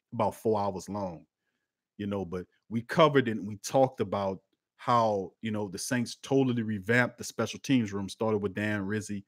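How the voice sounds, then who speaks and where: A man, hosting a live-streamed sports talk show and chatting with his viewers, swinging between loud outbursts and quiet asides. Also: lowish voice, dry recording, studio quality. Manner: lively and conversational, talks to chat, swings from loud to quiet.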